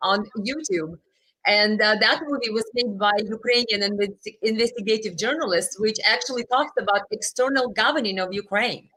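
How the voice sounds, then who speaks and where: High, bright-voiced woman host. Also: rough recording. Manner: earnest, pauses with fillers, rhetorical. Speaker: live stream host. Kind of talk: casual political chat. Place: home in Michigan.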